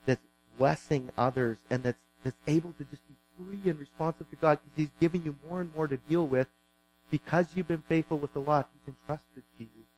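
A man's voice: on the high side, a little mellow, poor audio. A man preaching a sermon as pastor, earnest and pleading, repeating words as he builds his points.

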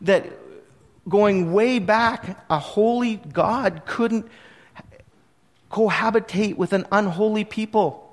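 A man preaching a sermon, retelling scripture in an animated way that swings from hushed to emphatic. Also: sits high, takes it slowly, long reverb tail. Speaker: pastor.

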